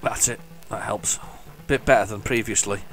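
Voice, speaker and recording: A man's voice: lowish voice, fairly even intonation, normal speed, a bit bright. Chatty man commenting on gameplay. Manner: chatty and enthusiastic, rambling with many restarts; hums the game tunes along. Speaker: retro gaming video host. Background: faint retro game music.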